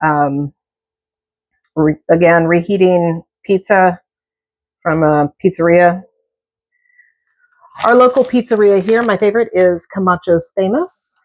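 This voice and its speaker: A woman's voice: lowish voice, takes it slowly, pauses often. A middle-aged woman chatting casually and telling jokey stories while she cooks. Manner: chatty storyteller, jokey asides. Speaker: cooking vlogger. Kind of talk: casual chat while cooking.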